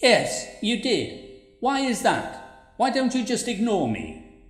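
A woman's voice: on the high side, wildly swooping pitch, slow, echoey room, heavily acted. A woman voicing a sardonic, nosy female ghost who haunts a writer, teasing and needling him.

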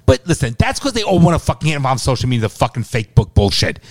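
A man's voice: medium pitch, very animated, very fast, no room sound, studio quality. A middle-aged man co-hosting a podcast, ranting with constant swearing and exasperation. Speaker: podcast co-host. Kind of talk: casual podcast chat.

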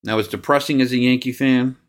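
A male sports podcast host from New Jersey, delivering a solo rant at a mid-range pitch. He swears freely and turns sarcastic. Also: fairly even intonation, fairly quick. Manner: angry, profane, sarcastic ranting.

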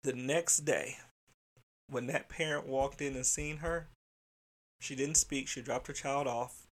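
A man who directs childcare centers, telling a workplace story in a candid, animated way, swearing freely and laughing. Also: medium pitch, unhurried. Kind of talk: casual storytelling monologue.

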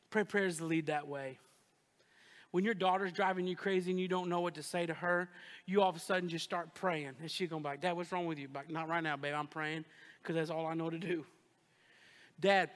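A man preaching a sermon as a pastor, folksy and animated, calling out to the congregation. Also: a little high. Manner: folksy, animated preaching with audience call-outs. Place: large church auditorium. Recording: long hall reverb.

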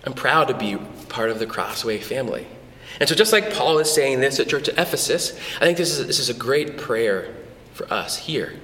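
Animated pastor in an echoey hall. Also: male voice, medium pitch, normal speed. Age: adult with a son. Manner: conversational, animated, with restarts. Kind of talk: sermon. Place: church hall. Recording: echoey church hall with long reverb.

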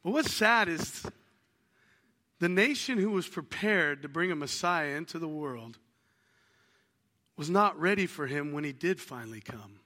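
A man preaching a sermon as a pastor, telling lively stories and acting out little household conversations. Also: fairly high pitch, long reverb tail. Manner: animated storytelling, acts out household dialogues.

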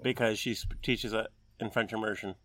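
A man's voice: lowish voice, steady tone, a little fast, fairly bright tone, no echo. A middle-aged man co-hosting a podcast, chatting casually and easily, sharing bits of food trivia. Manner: easygoing, offers trivia. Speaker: podcast co-host. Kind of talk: casual chat. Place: outdoors at a backyard gathering.

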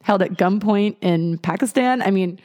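A woman's voice: mid-range voice, moderate pace, darkish tone. A woman hosting a casual interview, amused and teasing her guest with questions. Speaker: podcast host.

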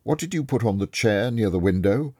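A man reading a story aloud, voicing a calm, clever male detective who explains things step by step and is kindly but firm. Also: fairly low pitch, brisk, breathy edge, no room sound, studio quality, pitched above the performer's own voice. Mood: explaining. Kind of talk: audiobook reading.

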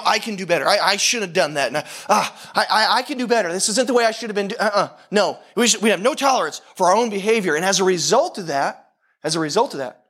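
A man preaching a casual, conversational sermon, tossing in "right?" asides, restarting phrases and swinging between quick bursts and slow emphasis. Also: sits high. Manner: animated, talks to the crowd with frequent "right?" asides; self-deprecating, repeats and restarts phrases. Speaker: pastor.

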